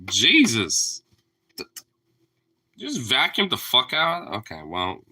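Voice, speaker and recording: Man, casual vlog, teasing his dog, lots of swearing, bright forceful voice, lively pitch. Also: slow pace, breathy edge. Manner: playful, profane, teasing. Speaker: dog owner.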